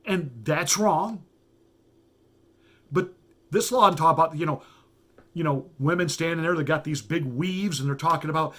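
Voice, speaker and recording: A man's voice: on the high side, moderate pace, long pauses, fairly bright tone. A middle-aged man, a pastor, delivering an emphatic, folksy political commentary monologue, repeating words for stress.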